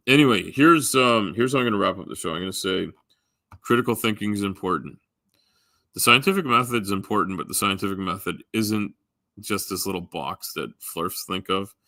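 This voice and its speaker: A man's voice: deep voice, sharp tone, dry recording, clean studio sound. A man rambling casually to his live stream chat, full of ums, restarts and offhand swearing.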